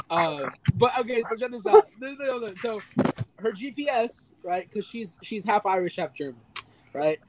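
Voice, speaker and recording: A young man co-hosting a podcast in casual chat, animated and telling stories with acted-out quotes. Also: very high-pitched, measured pace, rough recording. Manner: animated storyteller, acts out quotes in silly voices. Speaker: podcast co-host.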